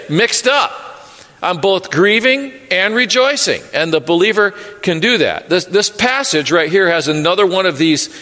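A man's voice: sits high, pushed and bright. A male pastor preaching an earnest sermon with light humor, often stumbling and repeating words. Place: church sanctuary. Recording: echoey sanctuary reverb.

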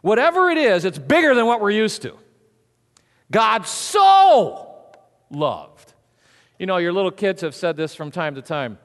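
A man preaching a sermon, animated and conversational, swinging from hushed asides to booming emphasis. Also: fast, hardly any pauses. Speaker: pastor. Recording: long hall reverb.

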